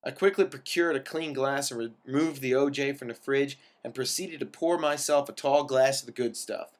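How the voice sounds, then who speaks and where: A man's voice: medium pitch, moderate pace, hardly any pauses. A man reading a first-person story aloud in a wry manner, lingering over descriptive words.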